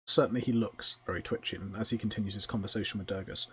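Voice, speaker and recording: A man narrating a tabletop game as game master, descriptive and unhurried, with frequent ums and uhs. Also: lowish voice, fairly even intonation, slight background noise.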